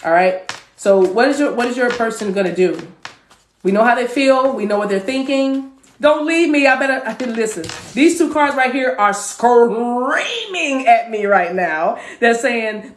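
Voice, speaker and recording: A woman's voice: a little high, animated, brisk, a little hiss or hum. A woman giving a live tarot reading to her viewers. She talks in a chatty way, repeats phrases, and now and then slips into speaking in tongues. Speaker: tarot card reader. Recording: echoey room.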